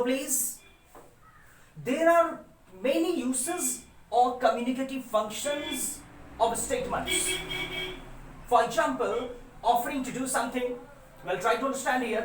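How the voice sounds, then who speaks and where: A woman's voice: high-pitched, recorded from a distance. Roomy, earnest teacher woman. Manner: repetitive, earnest explaining, stressing rules. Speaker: English teacher. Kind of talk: classroom lecture on grammar. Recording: roomy sound, voice away from mic.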